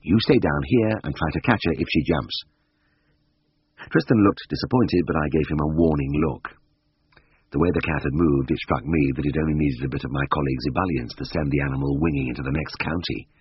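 A man reading a first-person story aloud in a wry, lively storytelling manner. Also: very deep voice, a little fast, slightly rough, no room sound. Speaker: audiobook narrator. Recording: dry, slightly dull recording.

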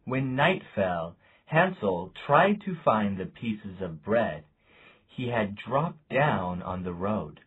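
A man reading a fairy tale aloud as narrator, slow and deliberate. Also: on the low side, slightly rough, narrow, tinny audio. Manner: slow, deliberate, lively intonation. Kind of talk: storybook reading.

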